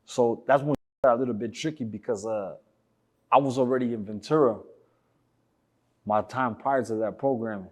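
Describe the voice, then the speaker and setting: A man's voice: medium pitch, moderate pace, long pauses, a little mellow. A man telling a story as an interview guest, casually, in slangy, profane talk that rambles with many fillers.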